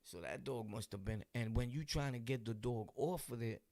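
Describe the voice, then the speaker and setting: A man's voice: medium pitch, moderate pace, darkish tone, no echo, clean studio sound. A man with a Brooklyn accent casually telling a street story, full of slang and laughing asides. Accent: New York, Brooklyn. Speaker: vlog host.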